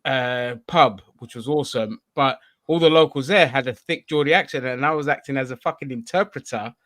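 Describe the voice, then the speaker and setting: Podcast co-host, male, lively crude storyteller. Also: mid-range voice, a little fast, dry recording. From London. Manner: animated, swearing, laughing. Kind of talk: casual chat.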